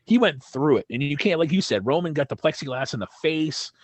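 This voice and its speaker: A man's voice: a little high, lively intonation, brisk, no echo. A man co-hosting a wrestling podcast, talking casually in a rambling way and swearing when he gets heated. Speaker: podcast co-host. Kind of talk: casual chat.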